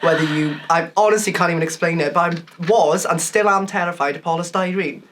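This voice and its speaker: A woman's voice: fairly low pitch, a little fast, slight background noise. A woman telling stories in a casual chat, laughing often and swearing freely. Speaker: panel member.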